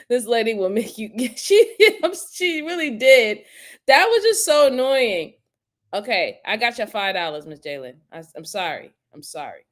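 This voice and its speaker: A woman hosting a crime commentary show, talking casually in an outspoken, exasperated way and then apologizing for her cussing. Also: medium pitch. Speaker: host reacting to crime footage.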